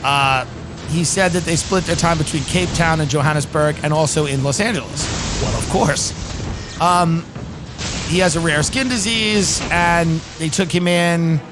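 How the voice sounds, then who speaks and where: A man's voice: on the high side, a little slow, music in the background. A man hosting a casual comedy podcast, rambling and reading news quotes aloud with dry sarcasm. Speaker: podcast host.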